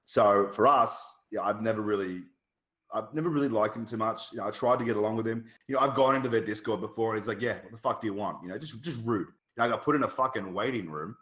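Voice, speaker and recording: A man on a casual podcast, talking bluntly and with lots of profanity, telling animated stories. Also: on the low side, quick pace. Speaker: podcast guest. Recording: roomy echo.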